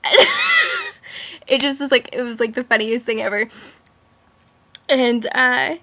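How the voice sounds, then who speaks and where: A woman's voice: a little high, steady tone, normal speed, bright, forceful tone. A teenage girl telling rambling stories in a casual vlog, giggling often and filling her talk with "like". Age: teens. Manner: giggly, rambling, many "like" fillers. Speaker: vlogger.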